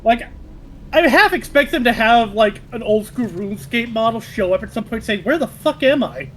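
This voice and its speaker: Male co-streamer: dry, wry, lively pitch, casual gaming banter. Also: moderate pace, slight background noise. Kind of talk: casual chat while gaming.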